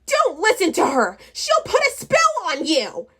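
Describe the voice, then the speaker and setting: A woman voicing a gang of panicky male goblins in a storybook reading, yelling shrilly. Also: high voice, wildly swooping pitch, measured pace, voice pushed up, full character voice.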